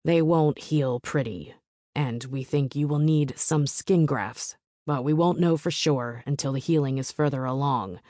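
A woman voicing a calm hospital doctor who explains injuries in a measured, matter-of-fact way, in an audiobook. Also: rumbling low, no room sound, clean studio sound. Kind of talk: audiobook narration.

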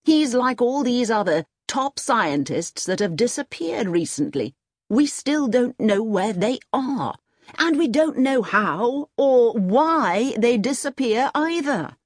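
A woman voicing an agitated male army colonel in an audiobook reading, loud and urgent. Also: fairly high pitch, big pitch swings, slow pace, no room sound, clean studio sound, voice pushed up, full character voice.

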